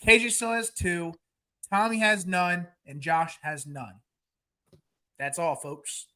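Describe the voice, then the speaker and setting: A man's voice: sits high, steady tone, slow pace, sharp tone. A man running the trivia segment of a casual sports podcast, loose and joking. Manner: loose, joking, rambling with fillers.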